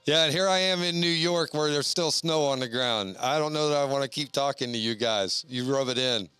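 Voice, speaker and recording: A man's voice: mid-range voice, a little fast, pushed and bright, clean tone, dry recording, soft background music. A man hosting a casual podcast, chatting in a loose, rambling way full of fillers. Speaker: podcast host.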